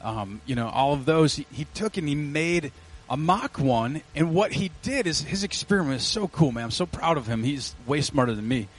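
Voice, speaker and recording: A male pastor, preaching a casual, animated sermon with slang asides into a mic in a church. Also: on the high side, normal speed, husky, poor audio. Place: church sanctuary. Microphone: handheld or headset mic.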